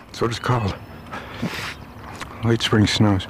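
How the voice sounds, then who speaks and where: A man's voice: fairly low pitch, fairly even intonation, slight background noise. A man rambling aloud in a meandering walk-and-talk monologue, outdoors on his way home through a park. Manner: meandering, musing aloud with pauses and restarts. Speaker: vlogger.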